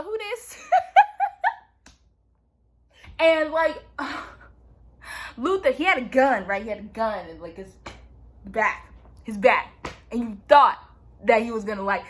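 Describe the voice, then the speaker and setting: A woman's voice: fairly high pitch, a bit bright. A young woman vlogger recapping a TV show in a playful, chatty way, saying "like" constantly. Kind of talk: casual TV recap chat.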